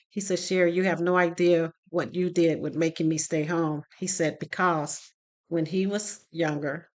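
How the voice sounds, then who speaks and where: A woman with a slightly low voice tells a story straight to her phone camera. She talks casually and with feeling, slipping into the voices of the people she quotes, like a parenting teacher sharing an experience. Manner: retells dialogue with quoted voices, emotional. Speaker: parenting class instructor. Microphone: phone recording herself.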